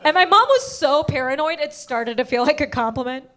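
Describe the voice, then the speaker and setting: A woman's voice: high voice, expressive, brisk, fairly bright tone. A woman in her thirties from the United States, telling sarcastic, punchy stand-up stories on stage. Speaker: stand-up comedian. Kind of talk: stand-up comedy set.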